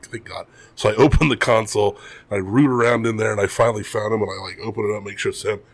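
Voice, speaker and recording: Husky man telling a dry anecdote. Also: on the low side, fairly even intonation, fast. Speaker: podcast co-host. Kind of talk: casual anecdote.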